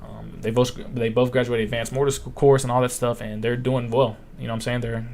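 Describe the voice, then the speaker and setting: A young man in his twenties hosts a casual live-stream Q&A, talking bluntly and with plenty of swearing. His voice sits at an ordinary middle pitch, and he acts out quotes as he tells his stories. A faint background hiss runs under his speech. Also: little pitch movement, brisk, darkish tone. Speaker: live stream host answering questions.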